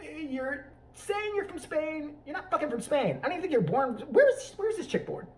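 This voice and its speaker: A woman's voice: high-pitched, big pitch swings, moderate pace, a little mellow. A woman hosting a vlog, delivering a brash, profane comedic rant. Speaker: vlog host. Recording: voice picked up from a distance.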